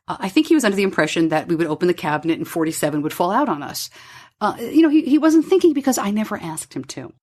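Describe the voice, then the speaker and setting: A woman's voice: on the low side, quick pace. A woman talks into the mic in her home studio, her voice rising and falling a lot as she tells a personal story. She sounds middle-aged and candid, and she acts out the other voices in her story. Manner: candid, animated, acts out quoted dialogue. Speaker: podcast host.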